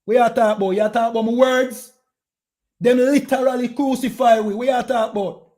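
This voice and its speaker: A Jamaican man preaching with fierce, confrontational energy, hammering his points through repetition. His voice sits high for a man, yet the tone stays dark and mellow. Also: steady tone, fairly quick. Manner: forceful, confrontational, repeats phrases. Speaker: street preacher. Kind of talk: heated street preaching.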